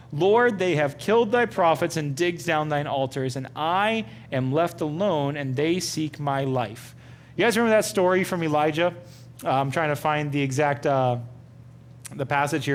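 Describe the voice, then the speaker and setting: Man teaching a Bible study, lively. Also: on the high side, a little hiss or hum. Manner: animated, conversational, asks the group questions.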